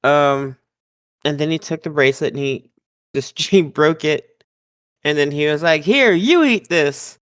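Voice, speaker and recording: A woman's voice: deep voice, level tone, measured pace, pauses often, clean tone, no room sound, clean studio sound. A woman co-hosting a podcast, chatting playfully about wrestling and laughing often. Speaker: podcast co-host. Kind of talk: casual wrestling chat.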